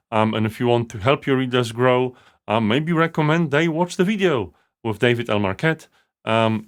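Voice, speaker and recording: A man hosting a live leadership coaching show, talking casually and rambling with many fillers and restarts. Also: on the low side. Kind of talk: casual live-stream monologue.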